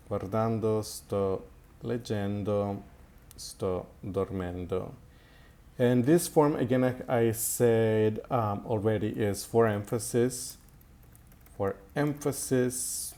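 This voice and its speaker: A man talks through an Italian grammar lesson slowly and unhurriedly, stopping often with fillers and repeating himself. His voice sits fairly low. The steady click of typing runs faintly behind him. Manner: slow and halting, with many fillers and repetitions. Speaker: Italian teacher. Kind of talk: recorded language lesson.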